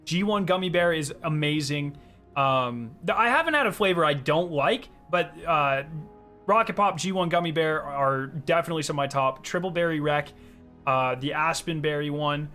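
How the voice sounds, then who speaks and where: A young man streaming live, chatting casually and excitedly with his chat, reading their questions aloud and answering them. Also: fairly high pitch, normal speed, soft background music.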